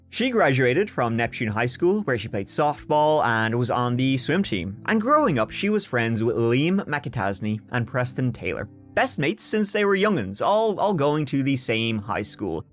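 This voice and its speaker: Sarcastic man telling true crime. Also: mid-range voice. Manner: sarcastic, swearing, animated outbursts. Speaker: podcast host.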